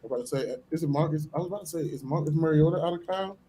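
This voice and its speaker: A man's voice: a little high, rapid-fire, dark tone, rough recording. A man co-hosting a live stream, chatting playfully about football with slangy, emphatic remarks. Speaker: podcast co-host. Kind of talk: casual live-stream sports chat.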